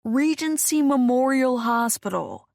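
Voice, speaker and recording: A woman voicing an excitable, anxious young man who gushes at his best friend, in an audiobook. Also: unhurried, creaky, no echo, clean studio sound, heavily acted. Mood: excited. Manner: high-pitched and gushing.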